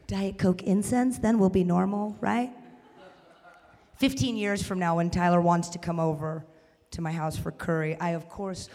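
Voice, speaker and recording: Stand-up guy from the chicago suburbs, animated, jumps into loud bits, long echo from a warehouse show space. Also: sits high, normal speed. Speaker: stand-up comedian. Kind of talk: stand-up set. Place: warehouse art space before a live audience. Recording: live venue reverb.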